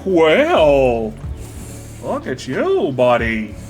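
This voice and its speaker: A man with a slightly high voice chats casually while building a model, his pitch swinging widely and his words drawn out over faint background music. He's retelling a parable but rambles, swears freely, and keeps losing the thread as the build pulls his attention away.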